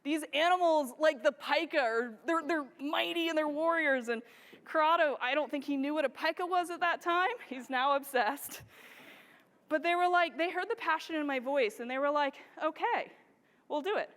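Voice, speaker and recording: A woman giving an enthusiastic, animated storytelling presentation to a live audience. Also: high-pitched, normal speed. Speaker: wildlife photographer giving a stage presentation. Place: large hall with a live audience. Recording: reverberant hall sound.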